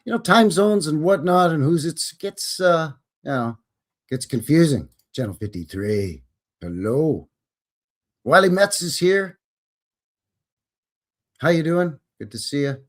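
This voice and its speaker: A man's voice: a little high, lively intonation, a little slow, pauses often. A Canadian man hosting a live stream in a folksy, jokey, casual way. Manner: folksy, jokey, greets viewers by name. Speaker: host.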